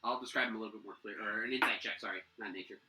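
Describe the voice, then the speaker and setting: A man's voice: lowish voice, fairly even intonation, rapid-fire, sharp tone, roomy sound, rough recording. A man narrating a tabletop game as game master, rambling with many fillers and restarts.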